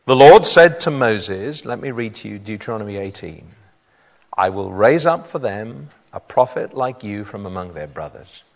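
A man's voice: fairly low pitch, animated, moderate pace, vocal fry. A man preaching a sermon, reading scripture aloud and then explaining it to his congregation. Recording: long hall reverb.

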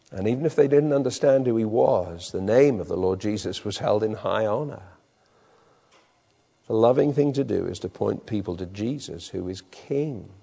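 A British man preaching a sermon with an animated, emphatic delivery in a church hall. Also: lowish voice, vocal fry, husky. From Britain. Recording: long reverb in a hall.

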